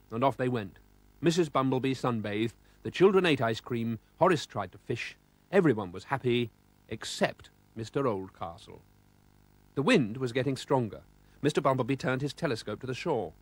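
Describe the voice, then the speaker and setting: A man's voice: mid-range voice, animated, moderate pace, no echo. A man with a British accent narrating a children's storybook expressively, voicing sound effects.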